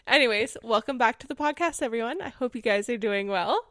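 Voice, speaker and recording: A woman's voice: on the high side, lively intonation, a little fast, fairly bright tone, no echo, studio quality. A young Canadian woman co-hosting a podcast, chatty and giggly in casual chat. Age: young adult. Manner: chatty and giggly, mimicking phrases. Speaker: podcast co-host. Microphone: podcast microphone.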